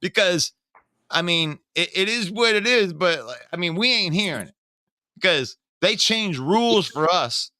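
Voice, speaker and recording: Bright, high-voiced laid-back man. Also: lively intonation, a little slow, no room sound, studio quality. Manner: laid-back, laughs often, slangy. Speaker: podcast host. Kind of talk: casual sports chat.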